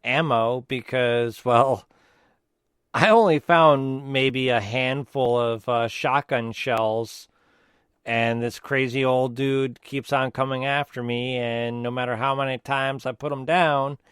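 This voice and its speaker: Slow-talking smooth-voiced man, dry sound. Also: mid-range voice, fairly even intonation, fairly bright tone, no echo. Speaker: podcast co-host. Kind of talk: casual gaming chat.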